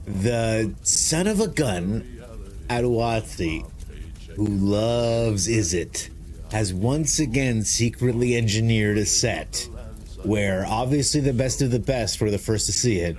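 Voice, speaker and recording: A man's voice: lowish voice, expressive, takes it slowly, darkish tone. A man hosting a casual live stream, rambling and joking as he greets viewers by name. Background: faint music.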